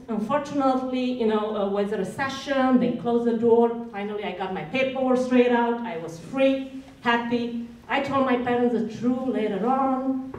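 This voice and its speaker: A woman's voice: fairly high pitch, a little mellow. A woman gives a passionate, emphatic speech to a college lunch audience. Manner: passionate and emphatic, with a strong accent. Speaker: guest speaker. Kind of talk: inspirational speech at a lunch event. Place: college event room. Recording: echoey hall, speaker far from the mic.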